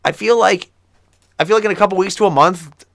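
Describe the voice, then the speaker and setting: A man's voice: high-pitched, a little fast, gravelly, a bit bright. A man co-hosting a casual podcast, rambling and swearing with lots of restarts. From Florida. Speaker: podcast co-host. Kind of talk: casual chat.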